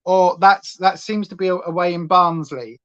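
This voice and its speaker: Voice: medium pitch, fairly even intonation, moderate pace. Rambling Northern English livestream host. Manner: rambling, chatty, goes off on tangents. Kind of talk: casual livestream chat while doing makeup. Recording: slightly dull lo-fi sound.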